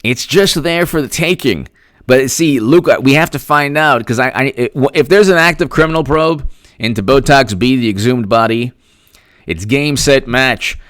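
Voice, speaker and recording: A man hosting a political commentary livestream, reading out viewer comments and thanking them by name in an excitable, rambling way, often repeating himself. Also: mid-range voice, normal speed, dry recording, studio quality.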